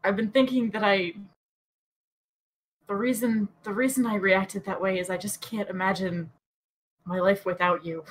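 A bashful young paladin, voiced by a woman, who stumbles over his words and speaks with sincere, hesitant care. His voice is slightly husky and sits at an ordinary pitch, with nothing theatrical about it. It sounds like a player speaking in character at a tabletop game. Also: fairly even intonation, moderate pace, pauses often, close to an everyday voice, poor audio. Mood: earnest. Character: earnest young male paladin, awkward and tender.

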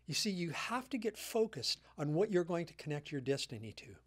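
A man's voice: on the high side, very animated, a little fast, breathy edge. A man in his sixties, a guest speaker giving a sermon, retelling a story earnestly and repeating his key points.

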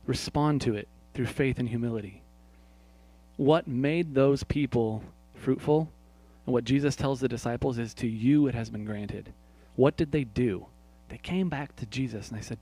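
A male pastor delivering a sermon at a mid-range pitch. He drops his voice low and soft when he voices a prayer, then rises to loud, emphatic questions aimed at the congregation. He talks directly to the people in front of him. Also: moderate pace. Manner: swings from quiet, hushed prayer lines to loud emphatic points; asks the congregation questions and speaks to people by name.

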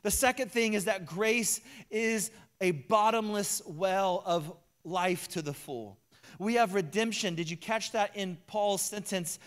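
A male pastor delivering a sermon, moving between loud emphatic preaching and hushed personal confession. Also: high voice, a little slow. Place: church sanctuary.

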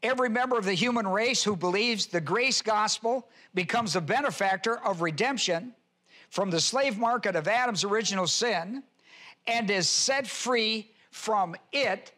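A male pastor teaching a sermon verse by verse, reading scripture aloud and slowing down to stress key words. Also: high-pitched, sharp tone. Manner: reads scripture aloud and spells out Greek words. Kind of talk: expository Bible teaching sermon.

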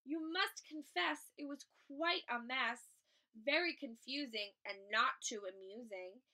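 A woman's voice: sits high, slow pace, sharp tone, voice pushed down, full character voice. Picture-book bird flock, fretful and pleading, voiced by a woman reader. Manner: pleading, rhyming.

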